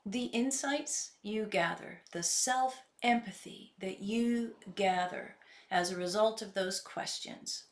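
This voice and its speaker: A woman self-help coach teaching in an earnest, reflective way and slowing down to stress her points. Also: medium pitch. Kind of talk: instructional self-help talk. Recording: echoey room.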